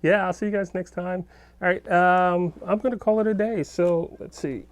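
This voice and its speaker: A man's voice: sits high, steady tone, normal speed. A middle-aged man, a guitarist hosting a casual live stream from his home studio, rambling as he answers viewer comments aloud.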